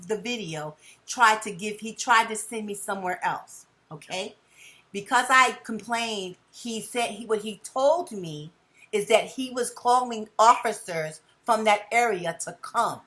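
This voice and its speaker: A woman speaks in a medium-pitched, bright, forceful voice, unhurried, as she reports a crime during a tense phone call. Pressing her case, she stammers, repeats words, and says "sir" again and again.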